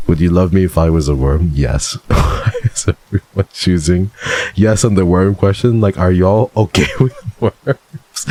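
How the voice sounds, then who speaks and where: A male streamer with a very low, dark, husky voice, reading viewer submissions in a loose, casual chat. He is playful and dramatic and swears offhandedly. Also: a little slow, no room sound.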